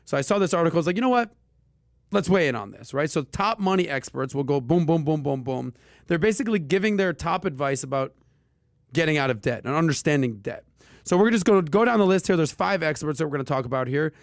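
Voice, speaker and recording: A man hosting a casual personal finance podcast, talking with punchy emphasis and lively asides. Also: a little high, quick pace, dry recording, studio quality. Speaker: podcast host.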